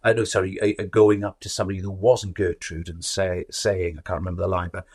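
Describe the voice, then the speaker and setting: Male interview guest, lower voice with some huskiness, reflective and searching. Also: level tone, quick pace, a little mellow. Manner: thoughtful, restarts and repeats words while reaching for ideas. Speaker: actor and author, guest. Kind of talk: conversational interview.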